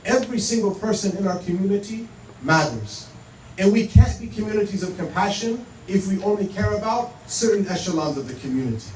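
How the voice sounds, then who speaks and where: Telling stories to a community audience, a Muslim speaker with a high-pitched, darkish voice keeps things conversational and acts out dialogue as quoted back-and-forth. The recording is from a distant mic in a roomy hall with a faint hum.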